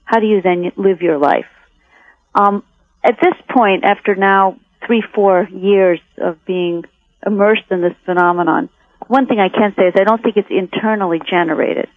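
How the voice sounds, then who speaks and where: A woman who makes documentaries talks through her reasons in a thoughtful way, often restarting her sentences. Her voice comes over a tinny phone line with no room sound at all. Her pitch sits in the middle of the usual range. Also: normal speed, no room sound. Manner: reflective, with many restarts. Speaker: documentary filmmaker, guest. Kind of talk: interview answers. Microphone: telephone.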